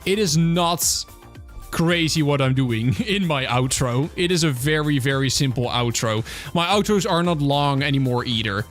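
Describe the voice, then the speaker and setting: A man's voice: a little high, expressive, moderate pace, a bit bright, soft background music. A man from the Netherlands with a Dutch accent, chatting casually on a livestream and answering viewer questions with lots of fillers and restarts. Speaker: streamer.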